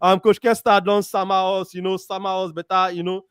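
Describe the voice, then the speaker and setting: A man from Nigeria, speaking with a Nigerian Pidgin accent, hosts a casual football chat show, reading out viewer comments and giving lively shout-outs. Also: high voice, brisk, smooth, no room sound, studio quality. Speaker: show host. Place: Warri, Nigeria.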